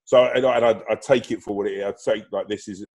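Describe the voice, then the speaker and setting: A man's voice: on the low side, fairly even intonation, fast, a little mellow. A man chatting casually as a podcast guest, full of fillers and swearing, on a remote call that drops out. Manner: swears freely, many fillers and restarts; bursts into laughter telling stories.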